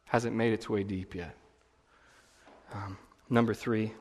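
A man's voice: on the low side, steady tone, slow pace. Man preaching in a reverberant church. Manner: conversational preaching with emphatic swells and repeated phrases. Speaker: pastor. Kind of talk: sermon.

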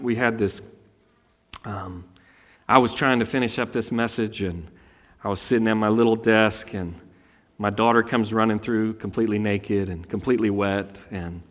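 A man in his thirties preaching a sermon, casual and animated, often jumping into high, loud voices to act out the people in his stories. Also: long reverb tail. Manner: animated, acts out voices with sudden high pitch. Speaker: pastor.

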